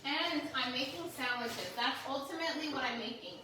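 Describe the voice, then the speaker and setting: A woman hosting a casual cooking livestream from her home kitchen, chatting and greeting viewers with sudden excited squeals. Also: sits high, normal speed, echoey room, background noise.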